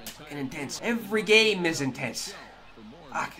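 A man giving live gameplay commentary, cursing freely and swinging between low muttering and yelling at the game. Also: animated, normal speed. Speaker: gaming video creator. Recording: clear game music under the voice. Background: game music.

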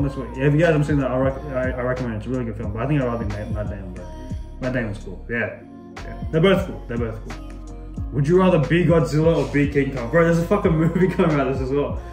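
A man's voice: mid-range voice, echoey room. A young man from Australia who chats casually and swears a lot while he answers would-you-rather questions in a vlog. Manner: casual and chatty, swears often, says "bro" a lot. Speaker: YouTuber.

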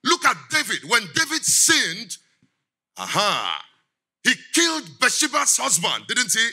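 A middle-aged man, giving a lively sermon as guest speaker, laughing often and quizzing the congregation. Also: extremely high pitch, unhurried, breathy edge.

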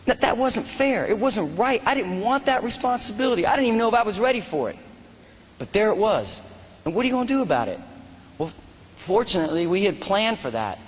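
A man from the United States giving a fundraiser speech, telling a war story in an animated way and acting out the dialogue. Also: high voice, in a large hall. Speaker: guest speaker, former soldier. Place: large hall at a fundraiser.

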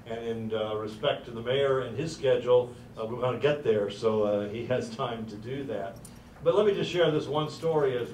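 A middle-aged man hosts a ceremony and tells a story, pausing often on "uh" in an easy manner. His voice sits in the middle range and sounds distant, with the echo of a large room around it. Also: mid-range voice, a little hiss or hum. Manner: many "uh" fillers, relaxed storytelling. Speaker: university president hosting a ceremony. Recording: roomy, distant from the mic.

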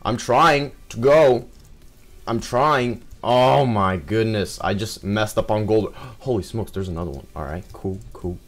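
A young man giving excitable live commentary over his own gameplay, full of exclamations and fillers. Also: on the low side, measured pace, faint music behind.

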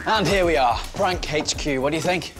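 A man presenting a kids' TV show in an excitable, jokey, self-mocking way. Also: a little high, moderate pace, music in the background.

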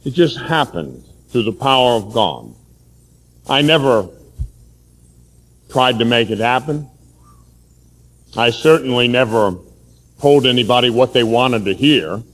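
A man, a Catholic priest, preaching a sermon forcefully, telling stories from his own life. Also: medium pitch, expressive, measured pace, pauses often, in a large hall.

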